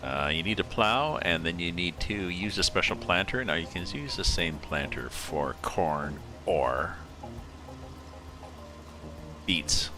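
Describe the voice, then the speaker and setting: A man streaming a farming game live, chatting casually and thinking aloud as he plays, mumbling asides and working out sums slowly. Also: deep voice, lively intonation. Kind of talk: casual live-stream commentary while playing. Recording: music playing clearly behind the voice. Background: background music.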